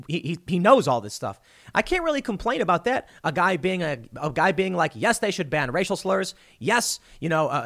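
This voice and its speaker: A man's voice: sits high, fairly bright tone. A man giving argumentative political commentary, emphatic and rhetorical, often reading reports aloud and answering them. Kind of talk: opinion commentary.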